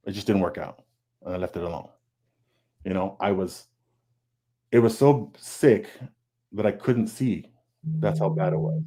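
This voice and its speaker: A man with a somewhat low, warm and mellow voice speaks candidly on a video call panel. He talks earnestly, circling back on his words and acting out his own past thoughts in quotes. The tone is that of an open, confessional conversation. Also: fairly even intonation, unhurried, pauses often. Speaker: comic artist guest.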